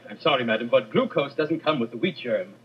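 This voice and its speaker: A man playing a formal, deadpan health-food restaurant waiter in a 1950s TV sketch. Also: medium pitch, fairly quick, close to an everyday voice. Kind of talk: 1950s live TV sketch comedy. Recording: lo-fi old TV audio with faint noise.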